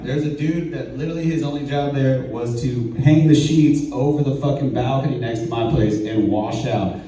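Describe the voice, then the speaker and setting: A man's voice: medium pitch, dark tone. A young man telling crude stories in stand-up, laughing at his own jokes. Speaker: stand-up comedian. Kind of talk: stand-up storytelling. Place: art gallery before a live audience. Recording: echoey room from far off.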